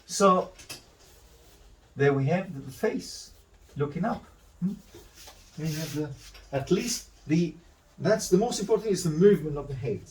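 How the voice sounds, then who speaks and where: A man's voice: fairly high pitch, animated, normal speed, far from the mic, slight background noise, rough recording. A man teaching a drawing demonstration, talking through each step and correcting himself as he goes. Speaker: art instructor.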